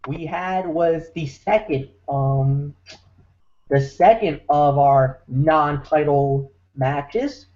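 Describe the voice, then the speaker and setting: A man hosting a wrestling recap show, talking with emphatic, preacher-like force. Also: fairly high pitch. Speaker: podcast host. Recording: muffled lo-fi audio.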